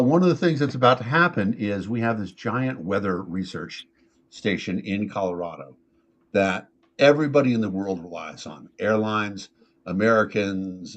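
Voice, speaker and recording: A man's voice: fairly low pitch, expressive, moderate pace. A man hosting a casual talk show, telling stories in a rambling way full of fillers and restarts. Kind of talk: casual chat, storytelling.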